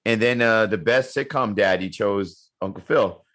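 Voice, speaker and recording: A man's voice: on the low side, moderate pace, fairly bright tone. Rambling man in casual podcast chat. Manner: rambling, repeats words, joking. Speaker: podcast co-host.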